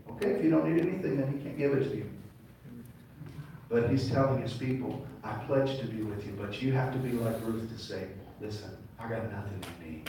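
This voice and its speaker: A man's voice: medium pitch, a little mellow, distant mic, slight background noise. A man preaching a sermon, asking his congregation questions and leading them in responses. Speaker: pastor. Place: congregation hall. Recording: echoey room mic'd from afar.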